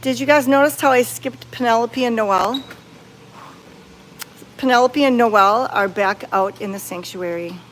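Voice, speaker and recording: A woman live-streaming from a cat sanctuary, chatting casually with viewers and cooing softly at the cats. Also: on the high side, normal speed, slight background noise. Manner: soft-spoken, cooing baby talk to cats. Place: indoor cat room at a sanctuary.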